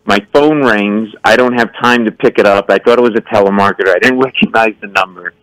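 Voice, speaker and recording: Comedian guy on the radio, fast excited storytelling, does little voices, dry close sound. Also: lowish voice, dry recording, rough recording. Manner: excitable, acts out voices, stammers for effect. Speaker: comedian guest. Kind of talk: animated storytelling.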